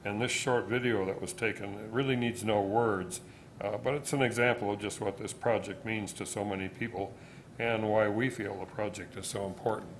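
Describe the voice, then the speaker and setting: A man's voice: on the low side, steady tone, moderate pace, a little hiss or hum. A man giving a plain, hesitant presentation at a city council meeting.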